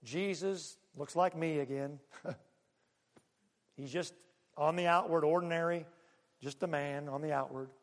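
A man preaches a sermon with an animated delivery, swinging between loud bursts and quiet, hushed asides. His voice sits high for a man. The sound carries the long reverb of a large hall. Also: measured pace, pauses often. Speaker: pastor.

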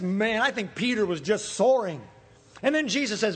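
A middle-aged male pastor preaching a sermon, telling personal stories in an animated way. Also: normal speed, slightly rough. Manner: animated storytelling with shifts in pitch. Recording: long hall reverb.

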